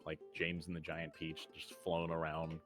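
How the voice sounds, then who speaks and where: A man's voice: very deep voice, completely flat delivery, moderate pace, a bit bright, faint music behind. A man chatting casually and narrating as game master, telling stories with a laugh. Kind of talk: casual tabletop game chat.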